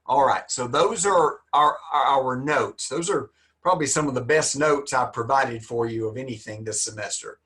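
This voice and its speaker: A man's voice: medium pitch, normal speed, pushed and bright. A man, teaching a literature class online in a folksy, joking, encouraging manner.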